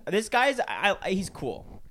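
A swearing, animated male storyteller. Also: sits high, slow pace. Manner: animated storytelling, swears freely, acts out coworkers' lines. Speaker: storyteller in a casual chat. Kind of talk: casual chat.

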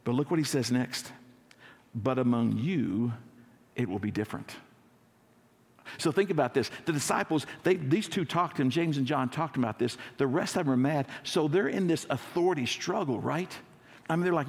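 Man, pastor, sermon, conversational, acts out scenes, gravelly voice, long church reverb. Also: medium pitch, animated, darkish tone. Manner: conversational preaching, acts out scenes, slows for emphasis. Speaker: lead pastor.

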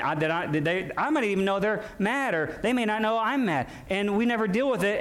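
Man preaching a lively sermon. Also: fairly high pitch. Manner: preaching with call-and-response asides and shifting emphasis. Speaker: pastor.

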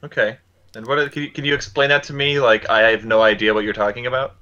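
Halting bright-voiced man on a dull mic. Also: medium pitch, fairly even intonation. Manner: halting, with fillers and throat-clearing. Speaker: player. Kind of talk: casual role-play chat.

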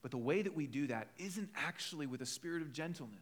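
A man's voice: on the high side, lively intonation, fast. A conversational male preacher. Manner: conversational preaching, acts out quoted voices, storytelling asides. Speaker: pastor. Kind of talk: sermon.

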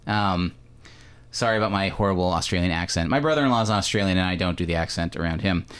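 Low-voiced man rambling about movies. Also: rapid-fire, a bit bright, clear, resonant tone. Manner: rambling, many fillers and self-corrections. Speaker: podcast host. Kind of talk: casual movie discussion.

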